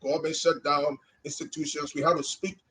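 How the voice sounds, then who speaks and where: A man from Liberia, once a journalist and now a podcast co-host, argues an impassioned opinion with emphatic repetition of words. His voice is a little high and fairly bright, with a level tone and slightly quick delivery, captured on poor audio.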